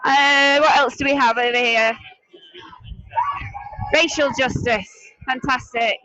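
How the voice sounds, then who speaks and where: A woman's voice: high voice, fairly even intonation, slow, pushed and bright, dry recording, highs cut off. A woman reporter doing live roving interviews at an outdoor march, chatty and upbeat, recorded on a handheld mic. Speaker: street reporter.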